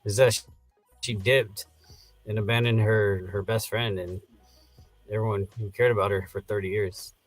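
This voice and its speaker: A man co-hosting a casual movie review, giving relaxed commentary. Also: on the low side, moderate pace, pauses often, soft background music. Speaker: co-host.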